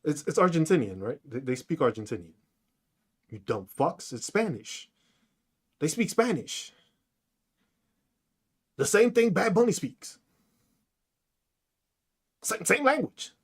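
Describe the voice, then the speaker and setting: A podcast host ranting solo in a loose, profane monologue. He fires off mocking rhetorical questions, and his pitch swings widely from low grumbles to high jabs. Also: sing-song, slow, long pauses, slightly rough.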